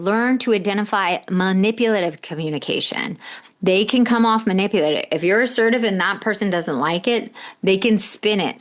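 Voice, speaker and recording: A woman hosting a solo podcast, giving blunt, direct coaching advice in short punchy tips, with casual swearing. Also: medium pitch. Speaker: podcast host.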